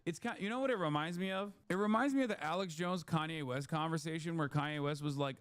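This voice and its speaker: A man's voice: a little high, brisk, clean tone, no echo. A man hosting a live stream, giving sarcastic, rambling political commentary full of "like" and asides.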